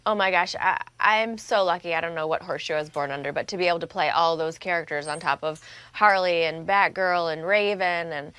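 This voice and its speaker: A middle-aged woman from Canada chatting as a guest in a TV interview, bubbly and quick, laughing often. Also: fairly low pitch, steady tone, fairly bright tone, smooth, no room sound. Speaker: voice actress guest. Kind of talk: casual TV interview chat.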